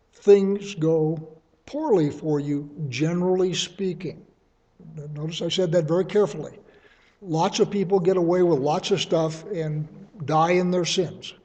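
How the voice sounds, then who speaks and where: A man's voice: fairly high pitch, darkish tone, lo-fi sound. A man giving a conversational sermon, explaining scripture verse by verse with everyday examples. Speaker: Bible teacher.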